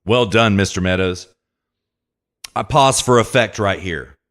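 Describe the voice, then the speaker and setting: A man's voice: on the low side, measured pace, fairly bright tone. A man hosting a podcast, reading news aloud and commenting emphatically in a political monologue, speaking straight to his listener. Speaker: podcast host.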